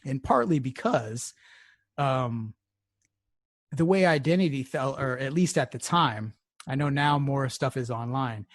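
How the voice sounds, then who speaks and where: A man's voice: mid-range voice, lively intonation, unhurried, no echo, studio quality. Rambling profane podcast co-host man. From Houston area. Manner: rambling, profane storytelling with laughs. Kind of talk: casual podcast chat.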